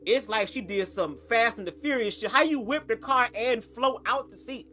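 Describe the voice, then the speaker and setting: A sassy young man spilling a story to his viewers, cursing freely and leaning hard on every punchline. His pitch leaps up and drops low all the time, lively and expressive, with soft music faintly under him. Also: normal speed, few pauses. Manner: profane, sassy, emphatic with big pitch swings. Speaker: storytime vlogger. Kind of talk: casual storytelling to camera.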